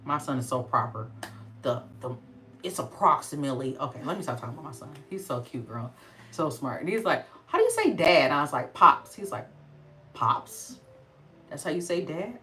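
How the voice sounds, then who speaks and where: A woman's voice: very deep voice, lively intonation, a little fast, fairly bright tone, distant mic, slight background noise, poor audio. A middle-aged woman hosting a casual skincare livestream, chatty and laughing often.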